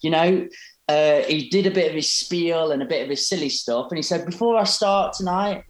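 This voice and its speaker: A man, a poet guesting on a podcast, telling stories in an animated, rambling way with many restarts. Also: on the high side, fairly quick. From Derby, England. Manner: animated, rambling, self-interrupting. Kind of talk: casual storytelling interview. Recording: roomy echo.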